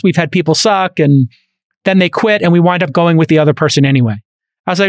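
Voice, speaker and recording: A podcast host, a man with a fairly high voice for his gender, tells his stories energetically in a loose, conversational way, full of quick asides and restarts. The studio microphone captures him close and dry, with no room sound or echo at all.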